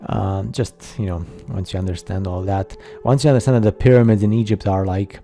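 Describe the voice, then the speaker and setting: Dark-voiced man, halting skeptical narration. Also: lowish voice, steady tone, faint music behind. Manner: halting, many fillers and restarts, skeptical asides. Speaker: narrator of a slideshow video. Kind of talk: casual voice-over commentary.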